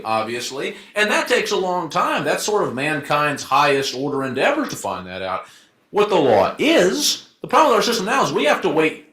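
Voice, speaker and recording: Lively joking man in an echoey room. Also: a little high. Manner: joking, rhetorical, quick back-and-forth asides. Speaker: debater, law firm associate. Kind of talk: informal debate argument. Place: event room.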